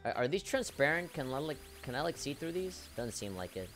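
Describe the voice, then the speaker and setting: A young man hosting a gaming video, who chats casually, jokes and swears, and reads the game's lines aloud with sudden jumps up in pitch. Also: big pitch swings, a little fast, music in the background. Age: young adult. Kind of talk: casual game commentary, reading dialogue aloud.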